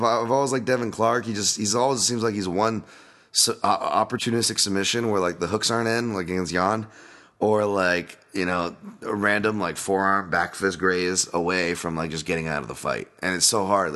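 A man's voice: on the low side, a bit bright. A man hosting a casual solo podcast, rambling loosely through fight picks at home with lots of fillers and restarts. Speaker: podcast host, fight analyst. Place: at home, dog nearby.

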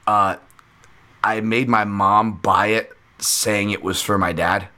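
Male podcast host, loose and jokey, bright tone. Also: on the low side, steady tone, slow pace. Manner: jokey, loose, swears casually. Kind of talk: casual podcast chat.

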